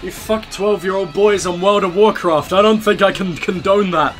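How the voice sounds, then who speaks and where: High-voiced young man joking over gameplay. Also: moderate pace, a bit bright, soft background music. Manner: joking, crude banter with laughs. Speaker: let's play host. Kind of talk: casual gameplay commentary.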